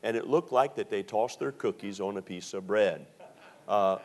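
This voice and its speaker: A middle-aged man from Maryland preaching a sermon, telling stories with slow, drawn-out emphasis and many fillers. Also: lowish voice, darkish tone. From Maryland, USA.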